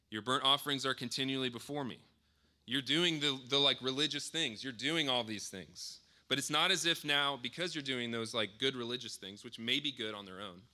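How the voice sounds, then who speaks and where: A man in his thirties preaching a sermon in a relaxed, conversational way, often pausing to rephrase himself. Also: mid-range voice. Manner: conversational, with frequent fillers and self-corrections. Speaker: pastor.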